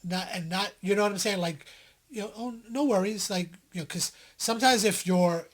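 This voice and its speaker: A man co-hosting a casual podcast tells stories animatedly, loudly acting out the people in them. His voice is high-pitched at a normal speed.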